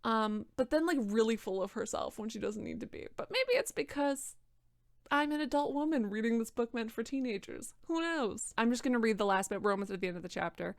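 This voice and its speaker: Tipsy, sarcastic young woman with gravelly fry. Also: fairly high pitch, animated, fairly quick, no echo, studio quality. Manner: sarcastic, rambling with restarts. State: tipsy from wine. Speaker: book reader and commentator. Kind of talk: casual reading and roast.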